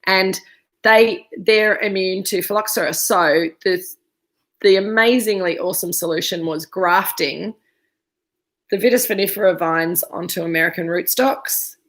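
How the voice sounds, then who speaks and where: A woman's voice: mid-range voice, measured pace, a bit bright. A woman hosting a live virtual wine tasting over a video call, talking in a chatty, digressive way and often losing her thread. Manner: chatty, digressive, easily sidetracked. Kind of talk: casual live-streamed presentation.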